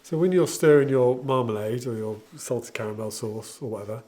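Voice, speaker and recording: A man with a mid-pitched voice talks through his baking tools in a home kitchen. He is chatty and jokey, and he demonstrates each item with easy enthusiasm. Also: fairly quick, warm tone. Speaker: home baker showing equipment. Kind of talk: casual product demonstration.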